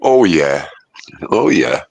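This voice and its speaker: A man chatting casually on a phone call, telling animated stories and cursing often. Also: a bass voice, slow pace, slight background noise. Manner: gruff, animated storytelling with cursing. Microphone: phone line.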